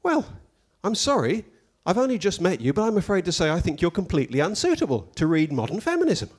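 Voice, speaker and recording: A prim lady professor, as a male comedian puts her on, her voice pushed well up into a high, thin register. She talks in a clipped, disapproving way and rises sharply on her most scornful words. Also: wildly swooping pitch, fast, breathy edge, full character voice. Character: stern prim female university professor.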